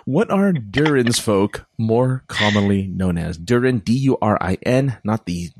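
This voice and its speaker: A man's voice: on the low side, animated, unhurried, a little mellow, a little hiss or hum. A man co-hosting a podcast, reading quiz questions aloud in a casual, playful way and laughing often. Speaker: podcast co-host.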